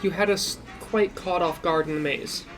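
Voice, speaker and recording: A woman's voice: on the low side, fairly even intonation, moderate pace, faint music behind, natural voice, low-quality recording. A woman playing a formal, courteous young man. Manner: formal, apologetic. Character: courteous young male hero, polite.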